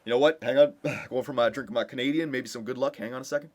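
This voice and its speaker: A young man giving casual commentary over a hockey video game, cheering his team on with excitement. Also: mid-range voice, quick pace. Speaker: gameplay commentator.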